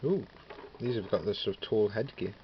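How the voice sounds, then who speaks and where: With a fairly low pitch and a moderate pace, a Welsh man casually shows his miniature figures. A wargaming hobbyist, he thinks out loud during this show-and-tell of his collection, using lots of fillers and correcting himself often. Background noise is clearly audible on the slightly dull, lo-fi recording.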